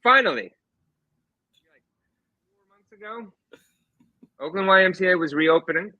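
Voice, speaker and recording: Guest author type, man, high and bright, lively storyteller, dry close sound. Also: no echo, muffled recording. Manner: animated storyteller, quick restarts. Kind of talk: casual anecdote telling.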